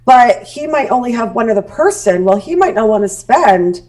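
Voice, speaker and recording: Blunt, animated Canadian woman. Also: fairly high pitch, moderate pace. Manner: blunt, animated, acts out quoted dialogue. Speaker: guest, speaking coach. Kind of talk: casual podcast interview.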